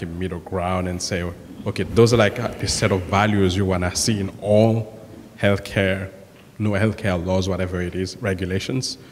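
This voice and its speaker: Deep-voiced man asking from the audience. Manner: halting, with fillers. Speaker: audience member asking a question. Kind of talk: question from the audience. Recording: distant hall reverb with a faint rumble.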